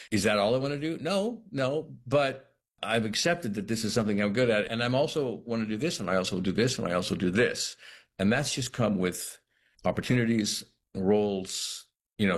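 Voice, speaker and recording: A man with a very low, deep voice and an American accent talks through his craft in a relaxed interview. He circles his thoughts and often restarts, with many small fillers and "you know"s. His low register stays steady under an unhurried, thoughtful delivery. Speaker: actor. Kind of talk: interview conversation.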